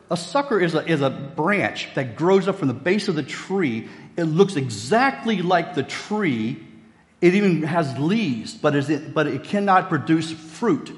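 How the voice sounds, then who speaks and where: Preacher, bright voice in a reverberant hall. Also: male voice, a little high. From West Virginia, USA. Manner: folksy, storytelling, jokey asides. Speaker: pastor. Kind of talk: sermon.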